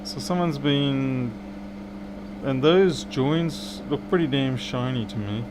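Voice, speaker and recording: A man's voice: medium pitch, slow pace, background noise. A man, a repair technician bantering with viewers and muttering to himself while he works on a live stream.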